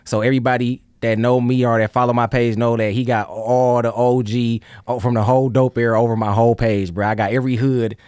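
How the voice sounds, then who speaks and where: A man from Oakland with a Bay Area accent, talking as a podcast guest in a fast, hyped way, filling his talk with "you know what I'm saying.". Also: mid-range voice, little pitch movement, a little mellow, clear, resonant tone, no room sound, studio quality. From Oakland, California. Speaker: guest rapper. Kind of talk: casual podcast interview.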